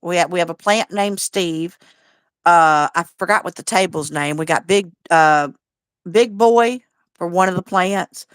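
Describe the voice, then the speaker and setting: A woman's voice: on the low side, a little slow, clean tone, no echo, clean studio sound. Chatty woman greeting viewers. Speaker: livestream host. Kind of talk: casual livestream chat.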